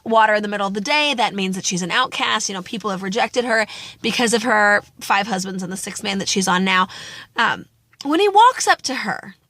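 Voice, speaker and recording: Animated chatty woman reflecting on scripture. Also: on the high side, no echo. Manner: animated, chatty, acts out quotes. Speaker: Catholic speaker. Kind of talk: casual gospel reflection.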